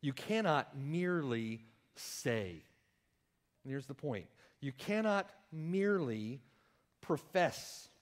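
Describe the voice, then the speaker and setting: Animated preaching man. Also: fairly high pitch. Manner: reads scripture aloud with emphatic rises and pauses; directs listeners to verses. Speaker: pastor. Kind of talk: sermon.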